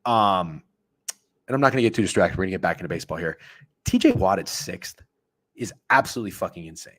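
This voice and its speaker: Low, profane man riffing on bets. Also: quick pace, no echo. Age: 30s. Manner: profane, excitable, talks back to chat. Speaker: sports betting stream host. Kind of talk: casual betting talk with chat.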